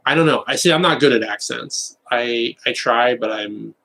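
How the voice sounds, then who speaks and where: Husky Californian man joking on a live stream. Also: mid-range voice, rough recording. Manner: animated, joking, bursts of rapid talk. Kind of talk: casual live-stream chat.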